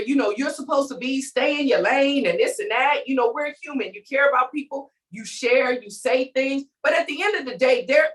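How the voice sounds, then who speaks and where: A woman's voice: high voice, recorded from a distance, poor audio. A woman giving an emphatic, preachy faith talk, calling out to her listeners as she vents. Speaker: faith vlogger. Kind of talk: inspirational rant.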